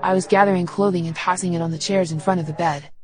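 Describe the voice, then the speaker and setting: A woman giving steady, unhurried first-person audiobook narration. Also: lowish voice, slight background noise, low-quality recording.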